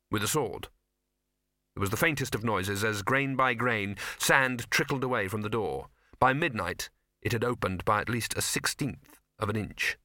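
A man reading an audiobook in measured, wry scripted narration. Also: mid-range voice, bright, forceful tone, no echo, studio quality.

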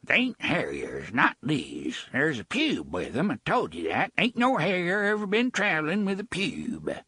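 A man's voice: a little high, wildly swooping pitch, measured pace, few pauses, sharp tone, husky, no echo, studio quality, voice pushed up, heavily acted. A man doing a cracked old rustic farmer. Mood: gruff, scolding. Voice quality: cracked, quavering.

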